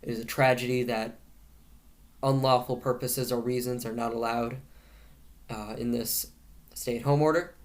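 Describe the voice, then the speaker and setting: A man's voice: mid-range voice, steady tone, measured pace, pauses often. A man hosting his own news commentary show, reading stories aloud in a casual way. He adds sarcastic jokes and often stops to correct himself. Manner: frequent self-corrections and restarts.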